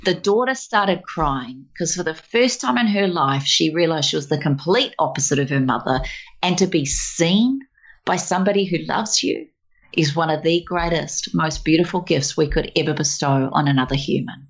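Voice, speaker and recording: A woman tells personal stories as a guest, animated and expressive. Her voice sits low for a woman. The recording is slightly dull and lo-fi. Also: normal speed. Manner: animated, expressive storyteller who slips into voices. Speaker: guest speaker. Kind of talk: casual conversational storytelling.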